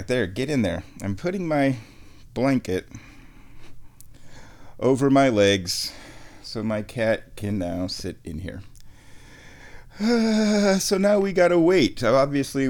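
Laid-back guy rambling slow, voice bouncing all over, bit stuffy in the nose. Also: a little mellow. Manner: slow, drawling and playful, with high baby talk to his cat. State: stuffy from sinus trouble. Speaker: vlog host. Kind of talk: casual rambling vlog.

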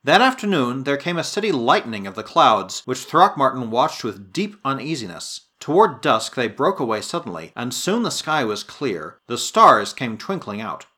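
A man reading a story aloud as narrator, with lively, expressive delivery and dramatic swells. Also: mid-range voice, normal speed, few pauses. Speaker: audiobook narrator. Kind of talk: scripted narration.

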